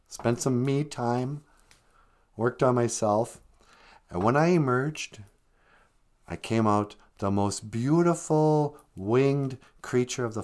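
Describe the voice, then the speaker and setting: A man's voice: medium pitch, a little mellow, natural voice. A man voicing a vain male butterfly who smugly preaches self-improvement. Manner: smug and preachy.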